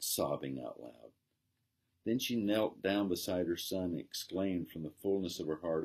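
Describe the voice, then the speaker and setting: Low husky pastor reading a story. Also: male voice, animated, moderate pace. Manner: gentle storytelling, plainly voicing characters.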